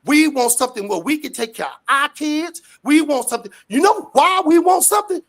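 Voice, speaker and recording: Gravelly, fiery man for a street interview rant, loud and profane. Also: very high voice, expressive, fairly quick. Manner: fiery, profane, shouting rants.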